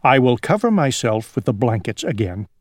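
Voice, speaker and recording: A man voicing a fussy, easily flustered male owl in a storybook, jumping high when alarmed. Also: very animated, normal speed, no room sound, clean studio sound, lightly acted. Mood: musing. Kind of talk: storybook character voice.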